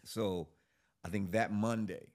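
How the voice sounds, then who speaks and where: A man's voice: on the low side, steady tone, slow pace, a little mellow. A middle-aged man, a guest in an interview, telling a story in a casual, laid-back and profane street manner.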